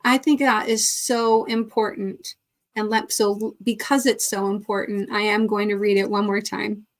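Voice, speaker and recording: A woman's voice: medium pitch, little pitch movement, unhurried. A woman hosting a casual livestream, chatting and greeting viewers by name between laughs. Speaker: crochet livestream host. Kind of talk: casual livestream chat reading viewer comments.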